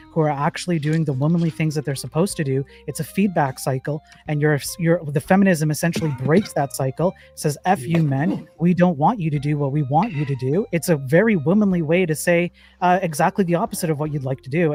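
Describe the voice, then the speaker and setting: A man with a nasal voice, arguing his side as a guest in a live-stream debate, halting with fillers. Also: on the high side, darkish tone, faint music behind.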